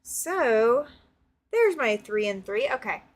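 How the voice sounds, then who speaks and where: Southern lady hosting a quilting live, bit high pitched, chatty and laughy, talks right to the viewers. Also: sing-song, slow. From Southern United States. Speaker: quilting livestream host. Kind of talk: casual live-stream chat, reading viewer comments.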